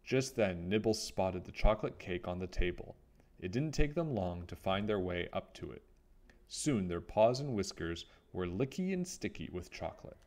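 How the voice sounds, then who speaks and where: A man reading a children's picture book aloud, with expressive storytelling. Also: deep voice, normal speed.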